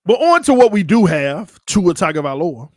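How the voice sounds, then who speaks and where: High-voiced animated American sports fan host. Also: male voice, normal speed, no echo, clean studio sound. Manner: animated, teasing, bursts into loud excited hollering. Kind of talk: casual fan commentary vlog.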